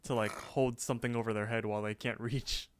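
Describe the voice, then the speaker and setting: A man's voice: mid-range voice, level tone, fairly quick. A young man co-hosting a podcast from his apartment, easygoing and chuckling as he recaps a cartoon. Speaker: podcast co-host. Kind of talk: casual chat recapping a cartoon episode.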